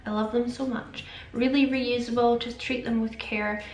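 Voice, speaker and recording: A woman's voice: on the high side, steady tone, moderate pace, slight background noise. A woman chatting casually through a makeup tutorial, rambling and self-aware. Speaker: beauty vlogger. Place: home makeup setup. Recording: echoey room with faint music.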